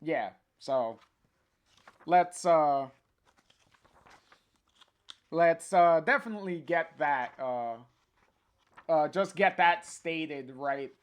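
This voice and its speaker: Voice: medium pitch, extremely slow, pauses often. A live-stream host casually reading a comic aloud and chatting with viewers, stumbling through many fillers and restarts. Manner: hesitant, full of filler sounds and restarts; chats directly to a viewer in the live chat.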